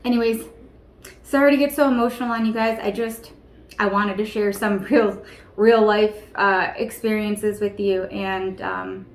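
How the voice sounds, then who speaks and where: A woman's voice: medium pitch, steady tone, unhurried. Earnest woman in her thirties, echoey room. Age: 30s. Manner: emotional, earnest, many fillers like "you know" and "like". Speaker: vlogger. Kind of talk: personal storytelling to camera.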